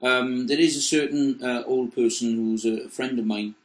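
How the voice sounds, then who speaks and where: A man's voice: mid-range voice, steady tone. Rambling man in a roomy room. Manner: rambling, halting, self-correcting. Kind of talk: casual comedic chat. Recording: roomy echo.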